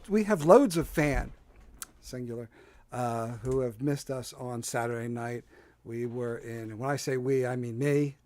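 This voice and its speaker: A man with a Delaware County Philadelphia accent hosts a casual solo livestream from his home porch setup, rambling and self-deprecating with plenty of fillers. His medium-pitched voice is a little mellow, and the desk mic captures no room sound.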